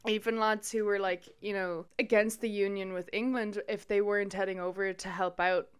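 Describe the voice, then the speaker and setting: A woman's voice: mid-range voice, level tone, normal speed, smooth. A young Irish woman co-hosting a podcast, chatting casually with plenty of fillers. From Ireland. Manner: chatty, lots of "like" and "um". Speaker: podcast co-host.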